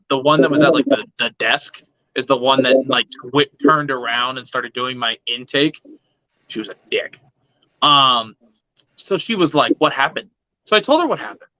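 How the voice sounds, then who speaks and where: A man's voice: mid-range voice, sharp tone, dry recording, lo-fi sound. A man telling a long profane story at an open mic, rambling with many fillers and acting out the other people's lines.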